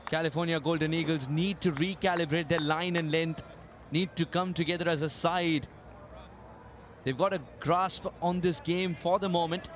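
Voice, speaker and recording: A man calling live cricket play-by-play, lively and lifting his voice on big moments. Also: on the high side, normal speed, a little hiss or hum. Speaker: cricket commentator. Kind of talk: live sports commentary.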